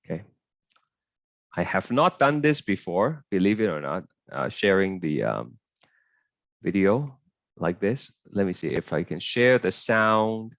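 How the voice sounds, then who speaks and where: A young male tutor talks students through an online biology class, low-pitched, with a voice that rises and falls a lot. He hesitates, fills gaps with "uh" and keeps checking in with the group. The sound is dry and close to the mic. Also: very animated, a little slow, vocal fry, fairly bright tone, no room sound. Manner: chatty, hesitant, many fillers and checks.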